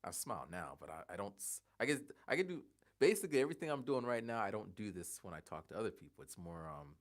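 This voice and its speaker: A man in his forties chatting casually on a livestream, rambling and halting, thinking aloud with many restarts. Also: lowish voice, sing-song. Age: 40s.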